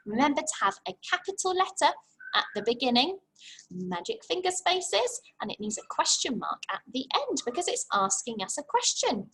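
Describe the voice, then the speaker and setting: A young English woman teaching a phonics lesson to young children, sounding out letters slowly and praising them warmly. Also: high-pitched, very animated, slightly rough, low-quality recording. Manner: slow, exaggerated sounding out of letters; encouraging and praising. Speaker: infant school teacher.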